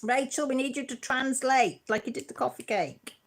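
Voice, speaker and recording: A woman from Britain hosting a casual live chat from home. She reads viewer comments aloud in a playful, easily excited way. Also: high-pitched, normal speed. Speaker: livestream host.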